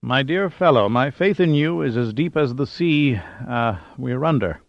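A man's voice: mid-range voice, animated, moderate pace, vocal fry, no echo, pitched above the performer's own voice. A man voicing a cheerful, genteel older man with a plummy manner, in a storybook reading. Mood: genial. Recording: dull dry lo-fi audio.

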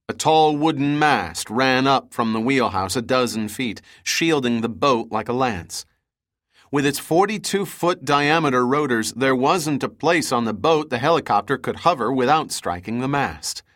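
Brief: male audiobook narrator, steady and even, middle pitch. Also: dry recording, clean studio sound.

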